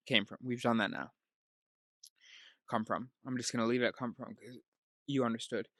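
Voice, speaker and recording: A man's voice: mid-range voice, a bit bright, dry recording. A man in a casual monologue, rambling and interrupting himself with many restarts. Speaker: vlogger.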